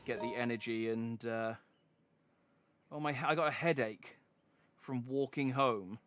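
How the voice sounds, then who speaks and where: Bright, animated streamer. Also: male voice, medium pitch, unhurried, a little hiss or hum. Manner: animated, reads dialogue aloud and tries out accents. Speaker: game streamer. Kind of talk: casual gameplay commentary.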